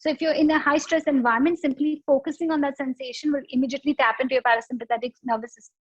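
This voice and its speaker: A woman's voice: high voice, steady tone, racing, no room sound, muffled recording. A woman yoga instructor guiding a breathing exercise, explaining patiently with analogies and demonstrations.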